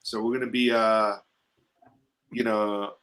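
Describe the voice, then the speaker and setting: A man hosting a casual live stream, rambling through loose, profane shout-outs and sounding a little stuffy from allergies. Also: on the low side, flat delivery, slow. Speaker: host.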